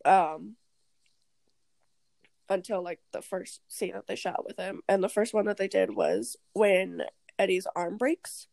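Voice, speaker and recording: A woman's voice: mid-range voice, unhurried, creaky, a little mellow, dry recording. A young woman co-hosting a podcast, chatting casually about a movie, laughing often and acting out lines from scenes. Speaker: podcast co-host. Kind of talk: casual movie recap chat.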